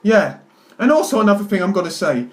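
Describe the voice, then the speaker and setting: High-voiced young man rambling through a film review. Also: very animated, quick pace. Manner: rambling, self-interrupting, jokey exaggeration. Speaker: video reviewer.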